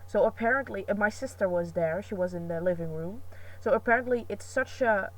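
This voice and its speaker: A woman's voice: mid-range voice, fairly quick, far from the mic, poor audio. Young woman, casual vlog talk, rambling, self-mocking, lots of fillers. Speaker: vlogger. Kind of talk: casual chat.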